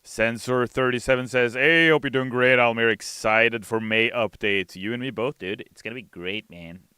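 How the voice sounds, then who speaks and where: Man with a bright, clear voice. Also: medium pitch, normal speed, no echo. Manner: relaxed, reads chat messages aloud and answers them. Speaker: game stream host. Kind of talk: casual livestream chat while playing. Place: studio.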